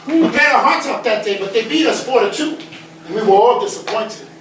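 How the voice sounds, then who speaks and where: High-voiced Bronx man on stage. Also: a little fast. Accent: New York (Bronx). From the Bronx, New York. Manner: animated, profane storytelling. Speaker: stage performer. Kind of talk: comic one-man stage monologue. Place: theater stage before an audience. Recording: echoey theater, distant mic, audience noise.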